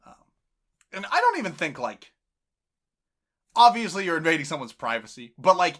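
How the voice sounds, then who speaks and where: A man's voice: a little high, very animated, normal speed, a bit bright. A man co-hosting a film podcast, joking and laughing as he recaps episodes. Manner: joking, laughs often, reads notes aloud. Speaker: podcast co-host. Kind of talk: casual film discussion.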